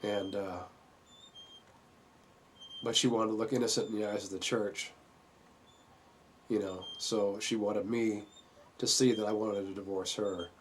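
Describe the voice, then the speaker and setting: A man earnestly telling a painful family story in a halting way, full of fillers. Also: lowish voice, steady tone, a little hiss or hum. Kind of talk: personal testimony.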